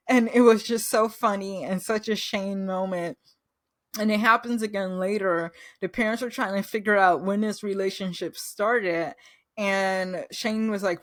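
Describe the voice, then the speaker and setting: A woman's voice: mid-range voice, steady tone, measured pace, no room sound. A woman host gushing through a casual recap review, losing her words and acting out quoted lines.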